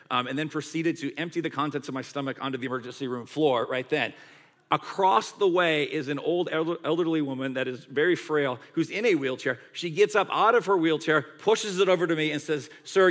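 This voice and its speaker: A middle-aged man preaching a sermon in a conversational, animated storytelling way, acting out quotes as he goes. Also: a little high. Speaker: pastor.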